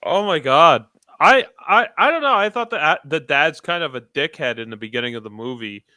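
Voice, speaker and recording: Podcast guy chatting, bright crisp voice, stammers a bit. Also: fairly high pitch, animated, moderate pace, dry recording. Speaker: podcast co-host. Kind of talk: casual podcast chat.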